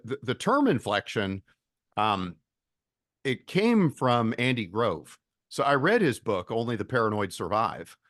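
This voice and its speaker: A man, a venture investor guest on a podcast interview, explaining ideas in a steady way and often repeating his opening words. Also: medium pitch, no echo, studio quality.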